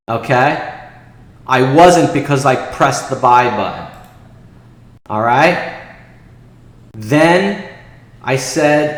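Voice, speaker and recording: A man hosting a trading show, telling an indignant story and reading messages aloud in a lively, exasperated way. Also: mid-range voice, unhurried. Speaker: day trading show host. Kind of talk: casual livestream talk. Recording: echoey room with long reverb.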